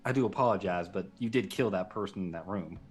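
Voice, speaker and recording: A man with a fairly low voice plays his character at a tabletop game. He speaks in an earnest, reassuring way. Faint music runs underneath. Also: quick pace, husky. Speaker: player. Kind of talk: in-character tabletop role-play.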